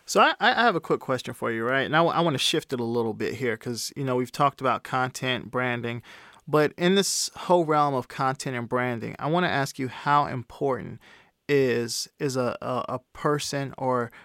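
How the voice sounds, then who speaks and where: Male co-host, mid pitch, brisk questions, dry close-mic sound. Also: gravelly, fairly bright tone, no echo. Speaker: podcast co-host. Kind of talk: casual podcast conversation.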